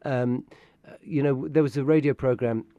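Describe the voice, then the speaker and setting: A man's voice: medium pitch, fairly even intonation, moderate pace, warm tone, no room sound, muffled recording. A man in a tribute band, chatting casually in an interview, rambling with fillers and laughter.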